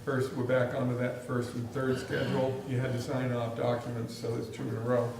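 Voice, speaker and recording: A man's voice: medium pitch, monotone, a little fast, noisy background. Chatty man in an echoey boardroom. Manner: chatty, amused anecdotes. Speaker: school superintendent. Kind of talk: meeting remarks and storytelling. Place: school board meeting room. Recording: echoey room, distant mic.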